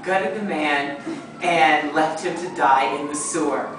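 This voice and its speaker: Female improv student, low and slow, echoey distant classroom. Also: noisy background. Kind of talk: improvised storytelling. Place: acting studio classroom. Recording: echoey room from far off.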